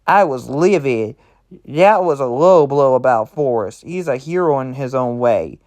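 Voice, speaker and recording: A man's voice: mid-range voice, lively intonation, a little slow, darkish tone, lightly acted. A man voicing a sinister, vengeful young female imp with a menacing, taunting manner.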